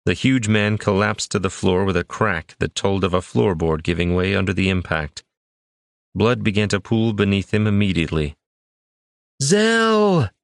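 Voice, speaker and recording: Male audiobook narrator, deep, measured dramatic reads, dry booth sound. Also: vocal fry, no room sound. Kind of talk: scripted fantasy narration.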